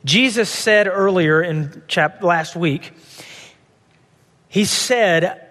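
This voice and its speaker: A man's voice: high-pitched, very slow, pauses often, a bit bright, big-room sound. A man preaching a sermon as pastor, often repeating words and asking rhetorical questions.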